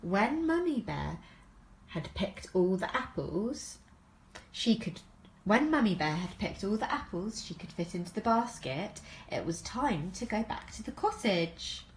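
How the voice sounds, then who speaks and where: A woman reading a picture book aloud to preschool children, slow and expressive. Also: medium pitch, a little hiss or hum. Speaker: storyteller for preschoolers.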